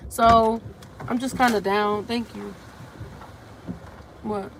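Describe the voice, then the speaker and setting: A woman's voice: on the high side, steady tone, slow, a little hiss or hum. A woman on a casual live stream, subdued and emotional, holding back tears as she talks herself up, speaking into a handheld phone in a parked car. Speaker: vlogger hosting a live stream.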